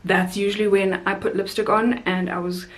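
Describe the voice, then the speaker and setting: A young woman from South Africa, a flight attendant vlogger, chatting casually and animatedly while doing her makeup. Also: normal speed. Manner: chatty, animated storyteller, rising high for quoted voices. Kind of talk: casual makeup chat and storytime.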